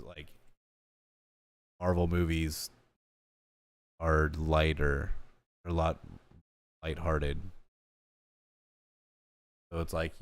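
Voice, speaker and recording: A man's voice: rumbling low, dry recording. A young man hosting a podcast in casual chat, rambling and swearing, often laughing. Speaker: podcast host.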